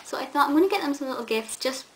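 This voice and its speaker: Expressive and very fast, a young woman with a high voice chats enthusiastically to camera for her vlog, full of ums and restarts. The recording is rough, with faint hiss.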